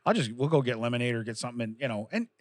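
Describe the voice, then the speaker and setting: A man chatting on a podcast, laughing often as he rambles. His voice sits at an ordinary middle pitch. The recording is dry and close. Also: expressive, racing, no room sound. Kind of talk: casual chat.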